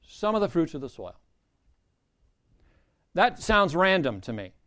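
A man's voice: fairly high pitch, big pitch swings, unhurried, sharp tone. A man preaching a sermon as a pastor, emphatic and repeating key phrases for weight.

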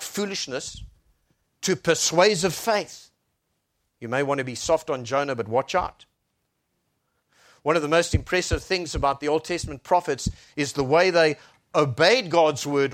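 A man preaching a sermon with a slightly high voice. He works the room with sudden contrasts, dropping to hushed, intimate lines before rising into loud, ringing exclamations. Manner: dramatic swings between soft hushed lines and loud raised exclamations. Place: Brussels church.

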